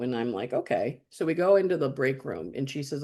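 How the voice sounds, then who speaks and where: A woman astrologer, a guest on the show, telling a personal story in casual, lively talk. She speaks bluntly, swears freely and acts out the dialogue she quotes. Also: sits low, brisk, hardly any pauses.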